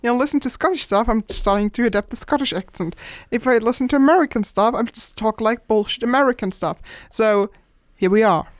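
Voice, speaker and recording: A woman's voice: fairly high pitch, a little fast, hardly any pauses, no room sound, clean studio sound. A tipsy woman co-hosting a podcast, laughing often and losing her thread in casual chat. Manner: laughing, scattered, trails off. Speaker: podcast co-host.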